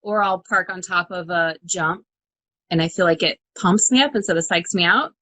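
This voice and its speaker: A young woman, a monster truck driver, chatting as a guest on a video call, animated and laughing as she acts out her own inner voice. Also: fairly low pitch, normal speed, no echo, poor audio. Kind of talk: casual interview chat.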